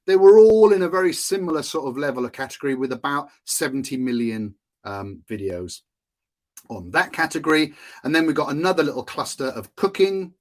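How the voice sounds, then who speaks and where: Male podcast host, relaxed talky explainer with filler-laden asides. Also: a little high, a little fast. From United Kingdom. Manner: conversational, with frequent fillers and asides. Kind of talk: casual explanatory podcast talk.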